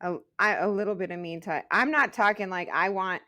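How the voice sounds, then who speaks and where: Laughing, candid mom podcast co-host. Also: female voice, mid-range voice, fairly quick, lo-fi sound. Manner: laughs often, candid and animated. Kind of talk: casual chat.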